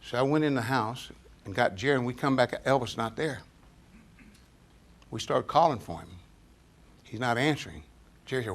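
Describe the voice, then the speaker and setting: A man's voice: medium pitch, animated, a little fast, long pauses, a bit bright. An older man telling stories to a small audience in a folksy, chatty way, chuckling often. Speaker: storyteller speaking to an audience. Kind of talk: anecdotal storytelling to a live audience.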